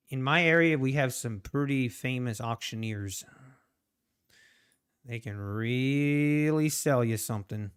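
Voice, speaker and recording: A man's voice: medium pitch, measured pace, clear, resonant tone. A man hosting a live trading stream, chatting casually and rambling as he reacts to viewers' messages. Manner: rambling, chatty, reads chat aloud.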